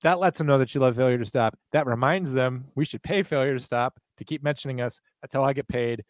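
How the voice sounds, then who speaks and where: A fast-talking podcast co-host with a mid-range voice does ad reads in a joking, casual way, hamming up the sales pitch with overplayed energy. The recording is dry.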